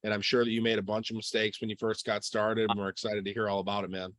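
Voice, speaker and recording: Low, flat-voiced male host. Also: quick pace, no room sound. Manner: upbeat, welcoming interviewer. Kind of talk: hosting a business call.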